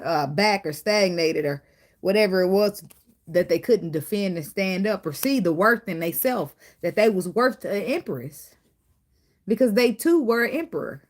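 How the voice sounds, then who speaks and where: A woman giving a casual spiritual tarot reading, swearing freely and jumping into high acted quotes. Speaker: tarot reader.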